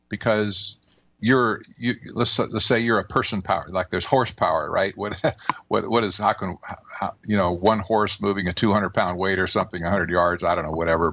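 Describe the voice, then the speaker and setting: An older man talking as a guest author in a radio interview, measured and emphatic, with folksy turns of phrase. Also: fairly low pitch, a bit bright, slight background noise.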